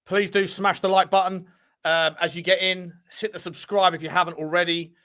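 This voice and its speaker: A man's voice: high-pitched, flat delivery, normal speed, bright, forceful tone. A man co-hosting a football podcast, chatting casually and rambling through sponsor plugs. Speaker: podcast co-host.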